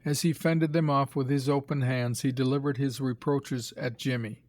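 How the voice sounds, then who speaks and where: Brief: male narrator for a graded reader, mid pitch, dry and close. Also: no room sound. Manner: measured, even storytelling.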